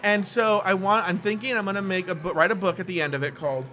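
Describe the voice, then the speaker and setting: A podcast guest with a high voice talks fast in casual conversation. He tells personal stories candidly and animatedly, sometimes mocking people by quoting them in put-on voices.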